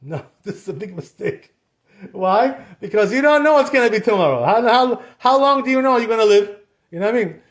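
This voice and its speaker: A man's voice: high voice, expressive, fairly quick. A man giving a casual Torah class in a conversational way, often saying "you know" and acting out what people say. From Sephardic Jewish community. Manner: conversational, repeats "you know" and acts out quotes. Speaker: Torah teacher.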